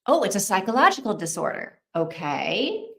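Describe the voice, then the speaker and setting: A woman's voice: medium pitch, huge pitch swings, normal speed, creaky, bright, forceful tone, reverberant. A woman hosting a casual livestream, chatting, thinking aloud and reacting to viewer comments. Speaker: livestream host.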